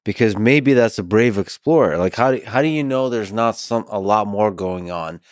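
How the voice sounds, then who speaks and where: A man with a low, deep voice hosts a podcast, asking thoughtful questions at a measured pace. The recording is dry and close. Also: animated, no room sound. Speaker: podcast host. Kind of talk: casual interview conversation.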